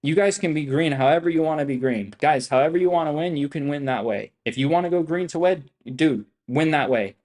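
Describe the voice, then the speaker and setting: A man's voice: a little high, brisk, few pauses, a little mellow. Young guy on a trading stream, cocky and sweary, loops the same lines over and over. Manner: brash, profane, rambling and repetitive. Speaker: livestream trader. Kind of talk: boastful livestream chat.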